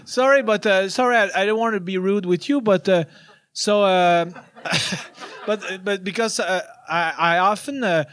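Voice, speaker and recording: Slow, syllable-stressing Frenchman with a high voice. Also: a bit bright, smooth. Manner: laughing often, over-enunciating each syllable. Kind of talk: improvised comedy bit.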